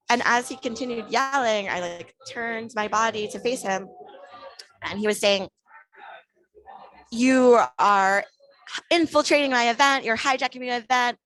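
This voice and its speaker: A woman's voice: medium pitch, rough recording. A woman guest on a podcast, casually telling a story and animatedly acting out the back-and-forth she had with others. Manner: animated retelling, acting out quoted exchanges.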